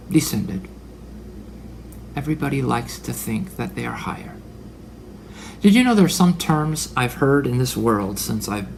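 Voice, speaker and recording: Gravelly-voiced man preaching. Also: mid-range voice, slight background noise. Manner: dramatic, drops into breathy whispered asides. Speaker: religious speaker. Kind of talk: preaching monologue.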